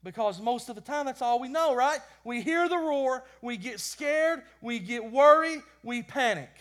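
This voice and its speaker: A man preaching a sermon with passion, swinging between loud bursts and quiet lines, often repeating words as he goes. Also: very high voice, animated, measured pace. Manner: impassioned, rising and falling in loudness; repeats words when stumbling.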